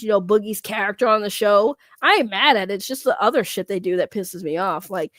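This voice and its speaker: A fairly high-voiced woman streamer with a blocked, congested nose from a cold chats casually with her audience. She talks bluntly and swears freely, breaking into laughs. The sound is dry and close to the mic. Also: a bit bright, no echo. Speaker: streamer reading chat. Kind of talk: casual livestream chat.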